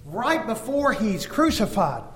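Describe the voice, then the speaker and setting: A man preaching a sermon, emphatic, swinging from loud stressed words to low, drawn-out phrases. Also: sing-song. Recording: echoey hall.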